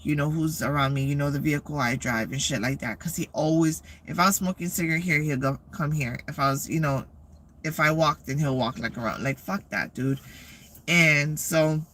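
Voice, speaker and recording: Woman vlogger, forceful bright voice, profane rambling storyteller. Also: low voice, normal speed, a little hiss or hum. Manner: profane, rambling, animated retelling. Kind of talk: casual storytelling.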